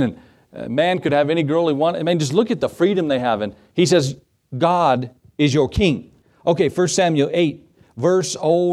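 A man's voice: fairly high pitch, a little mellow. A male pastor preaching a sermon to his congregation, acting out quoted speech and asking for amens. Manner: preaching with dramatic voiced quotes and asides to the congregation.

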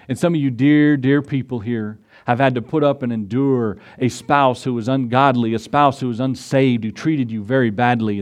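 A man preaching a sermon as pastor, retelling scripture in a folksy way and asking his congregation rhetorical questions. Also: mid-range voice. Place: church.

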